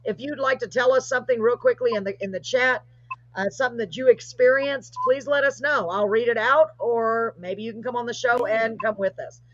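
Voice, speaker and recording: A woman hosting a live streamed paranormal talk show over a video call, chatty and gushing, quick to apologize. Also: fairly high pitch, no room sound, dull audio. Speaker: host.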